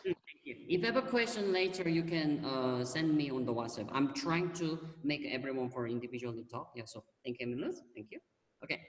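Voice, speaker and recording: A Korean-accented teacher explains grammar over a video call, patiently repeating words and filling pauses with soft "mm-hmm"s. The voice sits away from the microphone in a roomy space with a long, lingering echo. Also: mid-range voice, lively intonation, a little hiss or hum. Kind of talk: online class explanation. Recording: echoey room heard from far off.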